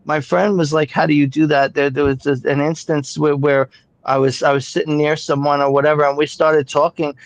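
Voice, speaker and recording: A man in a casual chat, laid-back and chuckling, talking in halting starts. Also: fairly high pitch, little pitch movement, dry recording.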